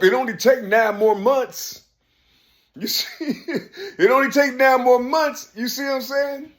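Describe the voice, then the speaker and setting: A man giving earnest, preachy advice in street slang, repeating "you see?" again and again. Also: very high-pitched. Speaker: speaker giving life advice. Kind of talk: informal spoken advice.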